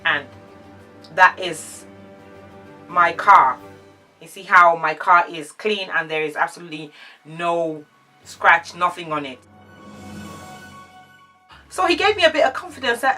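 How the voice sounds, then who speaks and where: A woman vlogger telling an animated storytime, acting out the dialogue. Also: fairly low pitch, unhurried, long pauses, far from the mic, faint music behind. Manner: animated, acts out quoted dialogue. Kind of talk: casual storytime chat.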